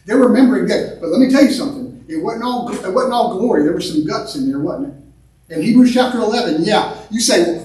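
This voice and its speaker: High-voiced preaching pastor, man, in an echoey church. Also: brisk. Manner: animated preaching, repeats words, swings between loud and quiet. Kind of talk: sermon. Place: church sanctuary. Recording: echoey sanctuary, mic at a distance.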